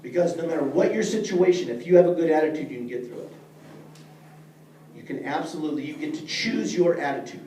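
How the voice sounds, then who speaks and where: A man's voice: on the high side, fairly quick, warm tone. Earnest middle-aged man teaching a class. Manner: earnest, plain-spoken, addresses listeners directly. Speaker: leadership teacher. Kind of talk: speaking to a class. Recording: echoey room, mic far off, faint noise.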